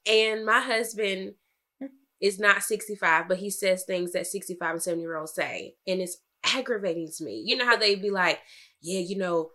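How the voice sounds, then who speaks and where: A young woman co-hosting a casual chat, telling a lively story and acting out both sides of an argument with her husband. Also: moderate pace. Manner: animated storytelling, quoting her husband, rising to high exclaims. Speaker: podcast co-host.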